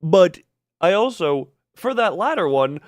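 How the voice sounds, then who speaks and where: A man's voice: high voice, big pitch swings, unhurried. A young man streaming a game, chatting casually in a rambling, jokey way and tripping over his words. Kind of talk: casual live-stream chat while gaming.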